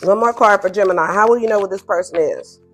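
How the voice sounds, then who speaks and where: A woman giving a casual tarot reading, animated and blunt, who laughs often and acts out the listener's replies in playful higher tones. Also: quick pace. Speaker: tarot reader. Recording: faint music behind.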